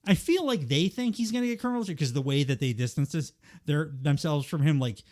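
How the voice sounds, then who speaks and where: A man's voice: a little high, expressive, brisk, darkish tone. A man co-hosting a podcast, talking casually in a rambling way with many fillers. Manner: rambling, filler-heavy, laughs between lines. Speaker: podcast co-host. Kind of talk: casual chat.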